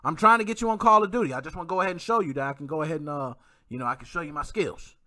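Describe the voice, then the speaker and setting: A man hosting his own livestream podcast, chatting in slang, giving shout-outs and reading out viewer comments. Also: on the high side, very fast. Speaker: podcast host. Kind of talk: casual livestream podcast chat.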